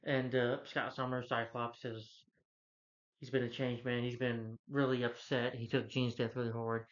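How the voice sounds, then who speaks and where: A man rambling through a casual movie review, often restarting his sentences and slipping into quoted lines. His voice sits at an ordinary middle pitch, and the recording sounds dull and lo-fi. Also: flat delivery, moderate pace.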